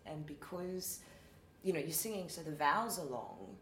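A middle-aged Australian woman chatting and explaining in a relaxed, laughing way. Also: sits low, normal speed, a little hiss or hum. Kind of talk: casual chat. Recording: echoey room.

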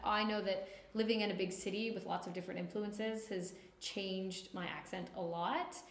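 A woman with a Canadian East Coast accent, chatting in a casual, animated way. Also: mid-range voice, normal speed. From Nova Scotia, Canada. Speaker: conversation partner. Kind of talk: casual chat. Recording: roomy echo.

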